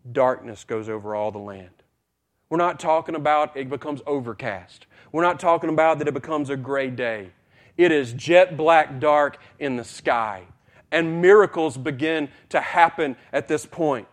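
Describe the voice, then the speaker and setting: A man preaching a sermon, retelling a story with dramatic swings between loud passages and hushed ones. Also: mid-range voice. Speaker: pastor.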